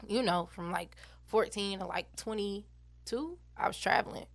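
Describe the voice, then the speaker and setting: A woman in her twenties, an animated and blunt interview guest who swears freely. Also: mid-range voice, unhurried, gravelly, no echo. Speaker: interview guest, battle rapper. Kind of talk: casual interview chat.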